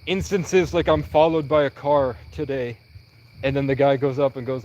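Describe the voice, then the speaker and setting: The sound is lo-fi with slight background noise, and the young man's pitch is medium. Livestreaming, he tells a long, rambling story from his life, animatedly acting out quick dialogue by quoting the people involved.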